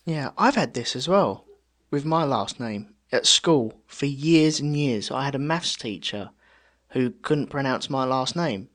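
A man co-hosting a podcast, chatting casually and telling stories in an animated, exasperated way. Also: mid-range voice, unhurried. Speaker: podcast co-host. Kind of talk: casual chat.

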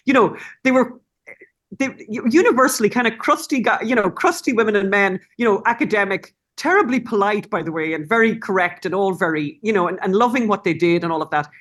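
A middle-aged woman speaking as an interview guest, her voice at an everyday middle pitch. She talks in an animated, rambling way, breaking off and restarting her sentences as she goes. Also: fairly quick. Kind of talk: casual interview talk.

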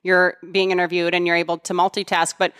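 A woman's voice: lowish voice, flat delivery, quick pace, fairly bright tone, smooth. A woman hosting a podcast asks curious, rambling interview questions, strung together with many fillers. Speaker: podcast host. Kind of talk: interview questions, casual chat.

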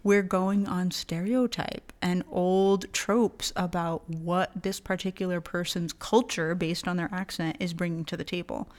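A woman's voice: lowish voice, steady tone, a little slow, few pauses. An American woman co-hosting a podcast, telling stories in casual chat with a slight lisp. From United States. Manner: storytelling, emphatic. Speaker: podcast co-host.

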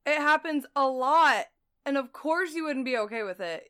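High-voiced woman laughing through a recap. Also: normal speed. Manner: laughing, profane, animated retelling. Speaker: podcast co-host. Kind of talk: casual chat recapping a TV show.

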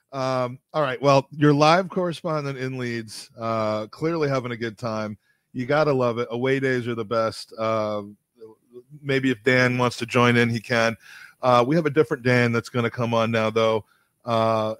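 A male podcast host chats casually at a middling pitch, hesitant and full of fillers but friendly. The recording is dry and close, with no room sound. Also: a bit bright, no echo.

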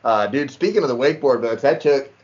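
Animated guy telling a fishing story. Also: medium pitch, fast talker. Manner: animated storyteller, says "dude" often. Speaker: podcast co-host. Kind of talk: casual chat, storytelling. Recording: slightly dull lo-fi sound.

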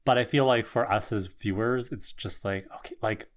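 A podcast co-host making relaxed, wry comments while talking through a TV episode. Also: mid-range voice, moderate pace. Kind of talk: casual chat.

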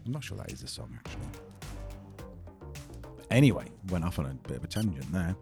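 A man with a very low voice co-hosts a relaxed podcast. He drops dry, joking asides. Soft music plays faintly behind him. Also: brisk, gravelly. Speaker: podcast co-host. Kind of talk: casual chat.

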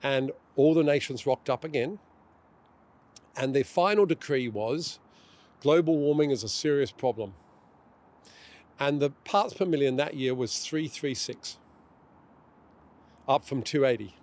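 A man's voice: medium pitch, measured pace, pauses often, a little mellow. A middle-aged man, a guest author in a conversational interview, talking emphatically and acting out quotes. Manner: emphatic, acts out quoted voices.

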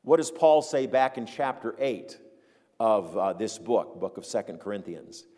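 Older pastor preaching in a reverberant hall. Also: male voice, animated, a little slow. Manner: earnest, swells louder then drops low. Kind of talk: sermon.

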